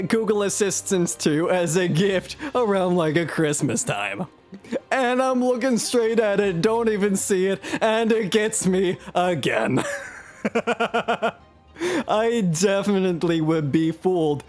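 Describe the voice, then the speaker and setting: A man's voice: sits high, a little mellow. A man streaming live, telling a story in a casual, self-mocking way and chuckling as he talks.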